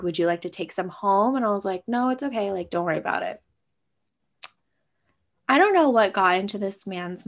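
A young woman co-hosting a casual chat, telling stories and acting out quotes with animated, rising energy. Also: mid-range voice. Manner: animated, acts out her dad and herself in quotes. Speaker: podcast co-host.

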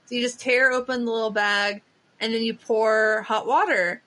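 Woman, podcast co-host, casual chat, upbeat, slightly high voice. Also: steady tone, moderate pace, sharp tone. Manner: chatty and enthusiastic, lots of "like" fillers.

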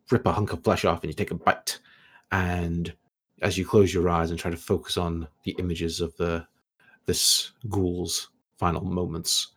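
A man narrating a tabletop game as game master, describing scenes in a relaxed way with many fillers. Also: low voice.

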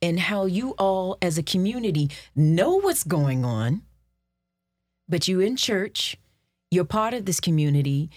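A woman's voice: lowish voice, measured pace, dry recording, studio quality. A woman, an actress, telling stories in a casual interview and acting out quoted people as she goes. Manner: animated storyteller, acts out quotes.

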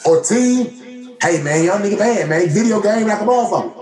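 Man, slightly high voice, animated sports rant, echoey room. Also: a little fast. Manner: animated, repetitive, mock-quoting others in a raised voice. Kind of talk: casual sports banter.

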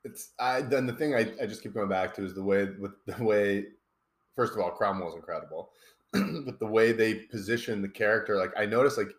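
Male podcast co-host, low register, loose rambling film talk. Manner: rambling, restarts with lots of "like". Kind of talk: casual film discussion.

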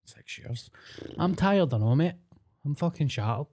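A man's voice: fairly high pitch, expressive, moderate pace, dark tone. Casting: Scottish man, podcast co-host, jokey and self-deprecating storyteller. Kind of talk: casual chat.

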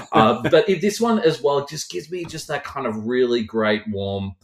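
A man's voice: mid-range voice, lively intonation, measured pace. A man who is a podcast guest, talking about stories in a playful, colorful, emphatic way. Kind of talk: casual podcast chat.

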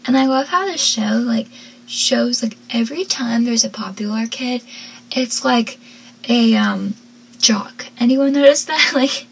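A woman's voice: fairly high pitch, a little slow, creaky, breathy edge. A teenage girl recapping a TV episode in casual commentary, giggly and chatty with lots of "like" fillers.

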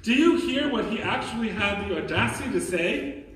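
Priest preaching in an echoey church. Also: male voice, high-pitched, animated, fairly bright tone, recorded from a distance. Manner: earnest, questioning, emphatic with dramatic pauses. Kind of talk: sermon. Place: large church.

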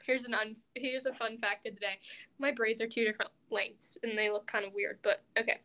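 A woman's voice: fairly high pitch, fairly even intonation, fairly quick, pushed and bright. A woman co-hosting a casual chat, teasing and playful. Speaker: co-host.

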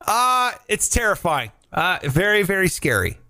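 His voice sits high and runs a little slow as this morning show host, an animated storyteller, swears freely on his easygoing comedy talk show.

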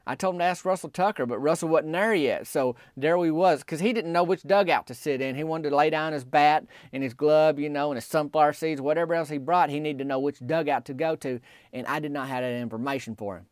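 A man telling a rambling, deadpan comic story in folksy country talk. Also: mid-range voice, no room sound, clean studio sound. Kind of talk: deadpan comedic storytelling monologue.

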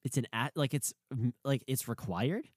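A young man, a college student, chatting casually and ranting in an animated way that gets sharp when he is worked up. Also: mid-range voice, moderate pace, no echo, studio quality. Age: young adult. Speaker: pre-med college student. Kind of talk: casual chat.

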